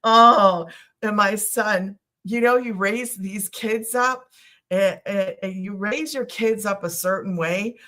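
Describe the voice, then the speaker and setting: A woman's voice: mid-range voice, takes it slowly, fairly bright tone. A middle-aged woman hosting a casual live stream, telling a story in a rambling, chatty way full of asides. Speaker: online business host.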